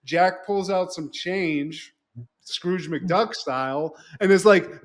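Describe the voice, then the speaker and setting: A man co-hosting a podcast, telling a plot story in an animated, profane, casual way. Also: sits high, slow pace. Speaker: podcast co-host. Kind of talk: casual podcast chat recapping a show.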